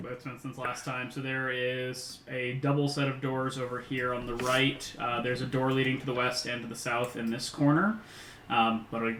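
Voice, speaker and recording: A man runs a tabletop game as game master, talking in a bright, crisp voice. He explains the scene casually and step by step. The room echoes and there is a faint hiss behind him. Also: medium pitch. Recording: echoey room, some background noise.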